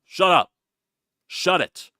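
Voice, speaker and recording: A man's voice: takes it slowly, bright, forceful tone, no echo, studio quality. Exasperated man ranting about his team. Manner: exasperated, repetitive ranting with mocking impressions. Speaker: sports channel host. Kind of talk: ranting sports reaction monologue.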